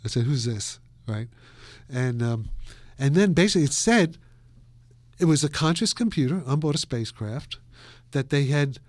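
A man's voice: mid-range voice, moderate pace, no echo. A man of about eighty from New York, an interview guest telling long, rambling stories with frequent laughs and restarts. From New York, USA. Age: around 80. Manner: animated, laughs often, trails off and restarts.

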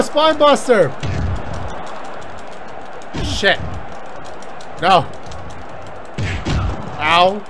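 Male gamer, fairly high voice, cursing and hyped, game music underneath. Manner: excitable, profane, yelling at the game. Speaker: gaming YouTuber. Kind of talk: let's-play commentary.

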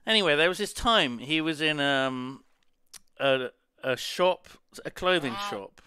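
A man hosting a live gaming stream, excitable and laughing, swearing freely as he chats. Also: a little high, unhurried, clear, resonant tone, no room sound. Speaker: streamer host.

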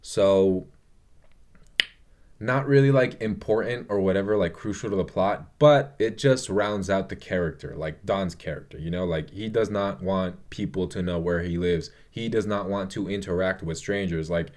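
A man's voice: sits low, normal speed, darkish tone. A young man chatting casually about a movie he loves, rambling and gushing, with lots of swearing and fillers. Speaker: vlogger reviewing a movie. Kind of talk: casual movie review chat.

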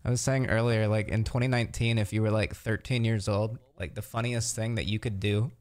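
A man's voice: lowish voice, steady tone, brisk, a little mellow. A young man streamer chatting in a game, joking and telling rambling stories. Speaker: fellow streamer. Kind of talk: casual gaming chat.

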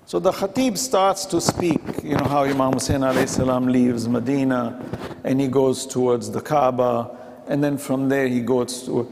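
A man's voice: mid-range voice, noisy background. A man giving a conversational sermon in a mosque, acting out the quoted dialogue as he goes. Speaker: preacher. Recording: reverberant mosque hall.

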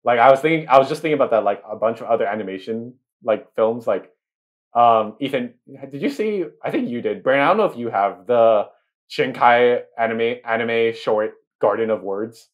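A man's voice: medium pitch, moderate pace, lo-fi sound. A young man in his twenties co-hosting a podcast, telling stories casually with lots of "like" and "um". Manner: rambling, filler-heavy storytelling. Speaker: podcast co-host. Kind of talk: casual chat.

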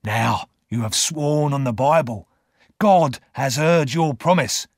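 A man doing a slow, gruff old convict. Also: mid-range voice, no echo, clean studio sound, voice pushed up. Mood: solemn.

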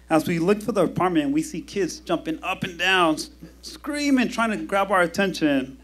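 A man telling a personal story at a live storytelling show, in a wry, measured delivery with dramatic pauses, into a stage microphone. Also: on the high side.

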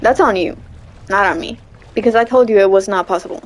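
A young woman streaming a game, telling chatty stories between loud, startled outbursts. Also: medium pitch, a little fast. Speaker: gaming streamer. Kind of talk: casual gameplay commentary.

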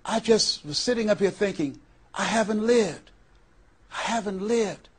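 A man's voice: high voice, measured pace, breathy edge, voice pushed up. A man voicing a tired middle-aged woman who feels she has never really lived, in a raised, wistful voice. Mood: regretful. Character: weary middle-aged woman longing to live.

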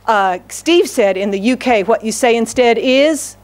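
An American woman pastor delivers a sermon in a church, her voice sitting somewhat high for a woman. She tells a homely story, breaks into laughter often, and acts out the lines of the people in it. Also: measured pace. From United States. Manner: storytelling, laughs often, animated acted quotes.

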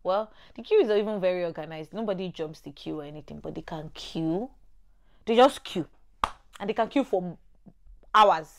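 Young Nigerian woman, Nigerian accent, lower-pitched, casual and emphatic to camera. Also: normal speed. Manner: animated, emphatic, repeats points for stress. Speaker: vlogger.

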